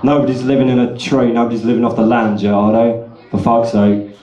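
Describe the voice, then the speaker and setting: At an open mic night in a pub function room, a slightly drunk comedian does rambling, sweary stand-up, putting on shrill voices. His delivery is flat and fairly quick, with a dark tone that reverberates around the room.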